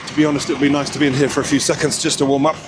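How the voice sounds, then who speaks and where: A man's voice: mid-range voice, level tone, very fast, background noise. A man vlogging outdoors in the snow, chatty and reassuring as he gives directions. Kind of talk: casual vlog chat.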